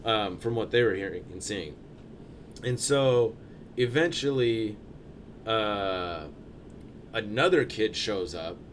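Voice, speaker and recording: A man's voice: lowish voice, takes it slowly, pauses often, a little hiss or hum. Young man telling a rambling, profane story. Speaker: storyteller on a podcast. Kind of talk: casual chat.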